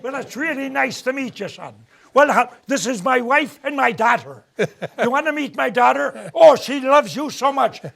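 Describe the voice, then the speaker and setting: This is a folksy small-town Midwestern dad, chatty and mock-polite. His voice is high and gravelly. An old man puts him on as a joke. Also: lively intonation, fairly bright tone, full character voice. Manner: drawn-out, homespun, mock-polite.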